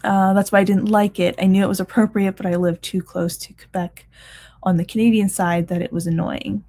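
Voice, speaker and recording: A woman's voice: medium pitch, level tone, brisk, mellow. A woman in her thirties hosting a reading livestream, chatting casually and reading out comments, tired and full of ums and restarts. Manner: chatty, many ums and restarts, laughs often. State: tired, yawning. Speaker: reading sprint livestream host.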